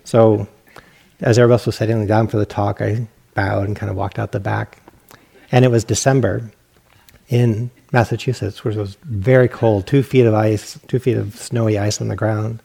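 A man's voice: fairly low pitch, steady tone, moderate pace, creaky, dark tone, husky. A male meditation teacher giving a dharma talk, telling a personal story in a self-mocking way and acting out his own inner voice.

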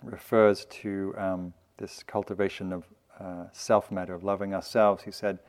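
A man with a fairly low voice gives a dharma talk at a meditation retreat. He speaks gently and loosely, with restarts and a light, self-mocking humor. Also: flat delivery, moderate pace. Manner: loose, with frequent fillers and restarts. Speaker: meditation teacher.

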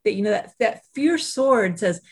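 A woman who writes and teaches self-compassion, telling a personal story in a casual interview, animated and full of "you know" asides. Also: medium pitch, normal speed, husky. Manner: animated, acts out quoted voices, frequent "you know" asides.

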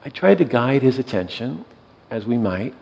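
A man who works in hospice care, telling a story gently and softly, often checking in with his listener. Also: medium pitch, very animated, moderate pace, creaky, muffled recording. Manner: soft-spoken, often checks in with "yeah?". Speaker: hospice worker and meditation teacher.

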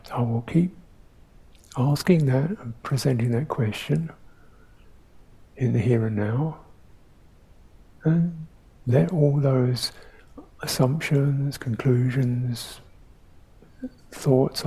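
Older male meditation teacher; reflective dharma talk, dark and mellow tone, slow delivery. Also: mid-range voice, slightly rough, low-quality recording. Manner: slow, reflective, with pauses and soft hums.

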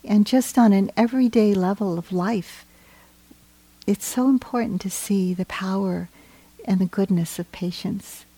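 A woman meditation teacher giving a gentle, reflective dharma talk on retreat, pausing often and trailing into soft phrases. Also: medium pitch, slightly rough, no echo.

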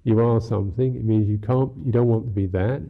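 A male Buddhist monk gives a dharma talk in a wry, unhurried, musing way. His voice is husky with a gravelly edge, sitting at an ordinary pitch for a man. The recording is thin and phone-like. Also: steady tone. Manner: musing, unhurried, wry, many "you know" fillers.

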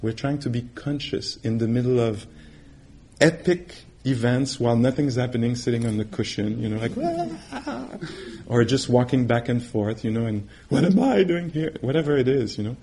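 Speaking fairly quickly in a steady, dark, mid-range voice, this middle-aged man delivers a dharma talk as a meditation teacher. His manner is relaxed and chatty, full of laughter and acted-out voices of others.

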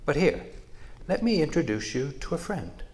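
A man's voice: a little high, very animated, moderate pace, darkish tone, voice pushed up. A man voicing a friendly female raccoon who guides a little mouse in a spoken story, welcoming and a bit livelier. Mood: gentle.

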